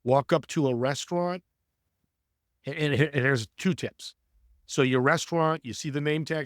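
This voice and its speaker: A man guest telling animated stories in an interview, acting out voices as he speaks. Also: on the high side, moderate pace, long pauses, no echo, clean studio sound. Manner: animated, acts out voices in anecdotes. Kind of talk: storytelling interview talk.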